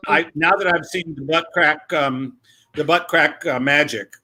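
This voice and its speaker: A male comedian on a video call, telling stories in a lively chatty way with quick asides. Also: fairly high pitch. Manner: animated, quick asides, acts out quoted voices. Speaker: comedian guest. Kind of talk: casual comic storytelling.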